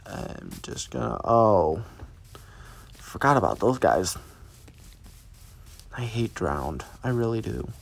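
A man's voice: lowish voice, big pitch swings, slow, creaky, pauses often, slight background noise. A man giving live commentary as he plays a survival game, chatting to viewers and reacting aloud as things happen. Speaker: let's play gamer.

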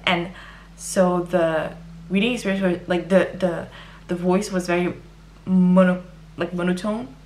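A young woman chatting to camera about books she has read. Her voice sits a little low for a woman, and she talks in a loose, expressive way with quick, dramatic reactions. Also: slight background noise. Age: young adult. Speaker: book vlogger. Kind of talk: casual book review monologue.

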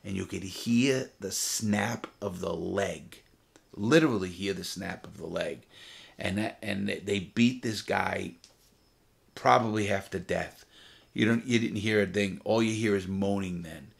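A man's voice: low voice, a little slow, creaky. A middle-aged man, a former prisoner, bluntly telling first-person stories with profanity. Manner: blunt and profane, vivid retelling.

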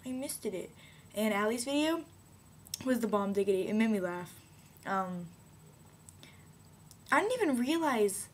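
A woman's voice: medium pitch, lively intonation, a little slow, long pauses, slight background noise. A woman rambling playfully in a casual video diary, giggling often. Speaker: vlogger.

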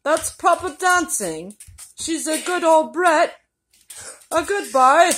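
High bright woman in a mock-posh English accent. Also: very animated, slow pace, a little hiss or hum. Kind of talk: playful home video role-play.

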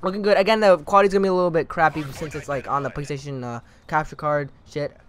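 High-pitched sarcastic young man gaming. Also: fast, slight background noise. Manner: sarcastic, swearing, animated outbursts. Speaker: gaming commentator. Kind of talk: casual gameplay commentary.

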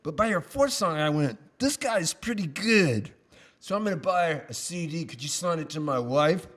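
A man voicing a blunt, gruff male concertgoer in a comic story, speaking low and flat. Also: normal speed.

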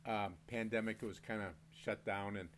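A man's voice: on the low side, flat delivery, normal speed, slight background noise. An older man from Maine hosting a home beer review, rambling through stories with mild swearing and frequent laughs. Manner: rambling storyteller, swears mildly, laughs often. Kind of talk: casual rambling monologue.

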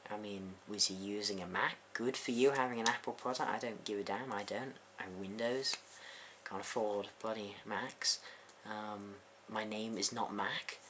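A young man talks straight to camera in a loose, chatty vlog. His voice is bright and sharp-edged. He sounds openly bewildered and keeps asking exasperated questions. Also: fairly low pitch, steady tone, normal speed, a little hiss or hum. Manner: baffled, exasperated, full of rhetorical questions. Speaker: YouTube music reviewer. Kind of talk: casual vlog commentary.

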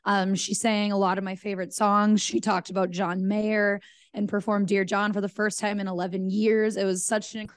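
Woman, hoarse, podcast host, bubbly rambling chat, dry close sound. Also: medium pitch, flat delivery, normal speed, no echo.

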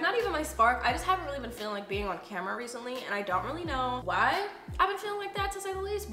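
A young woman in her twenties chatting casually to camera in a home vlog, playful and animated. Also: medium pitch. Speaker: content creator. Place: home rooms, indoors. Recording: echoey room.

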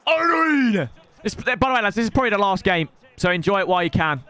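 A young man calls out his own video game match live, excitable and quick to burst into shouts while teasing his opponent. His voice sits high and swings wildly up and down, with a bright, sharp edge to it. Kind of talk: live gameplay commentary.

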